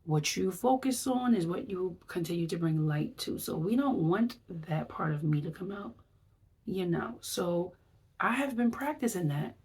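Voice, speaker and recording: A woman's voice: on the low side, lively intonation, normal speed, darkish tone, husky. A woman wellness vlogger giving a chatty, rambling recap, acting out her reactions as she talks. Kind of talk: casual vlog recap.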